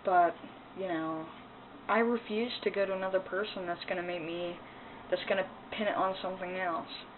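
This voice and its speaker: A woman's voice: lowish voice, steady tone, moderate pace. Angry woman ranting over a tinny line. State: upset and emotional. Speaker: vlogger. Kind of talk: emotional personal vlog rant. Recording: tinny phone-like sound, faint noise.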